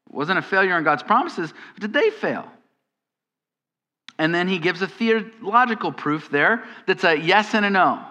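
A male pastor delivers a sermon, talking it through in a conversational way and landing on emphatic questions. His voice sits a little high and sounds bright and forceful. The long reverb of a church hall trails after each phrase.

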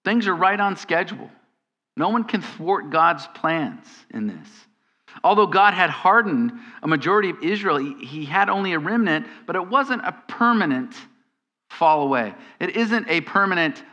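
A male pastor delivers a sermon, talking it through in a conversational way and landing on emphatic questions. His voice sits a little high and sounds bright and forceful. The long reverb of a church hall trails after each phrase. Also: big pitch swings, moderate pace, muffled recording.

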